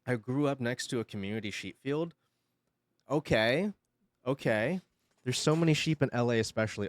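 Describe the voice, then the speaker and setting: A man livestreaming and chatting casually with his viewers, telling an animated story while swearing freely and laughing often. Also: medium pitch, normal speed, no echo. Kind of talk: casual stream chat.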